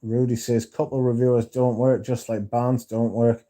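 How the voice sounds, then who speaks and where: A man's voice: medium pitch, level tone, moderate pace, mellow. A man hosting a casual livestream, reading viewer comments aloud and swearing freely as he chats. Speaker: livestream host reading chat. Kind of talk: casual livestream chat about perfume.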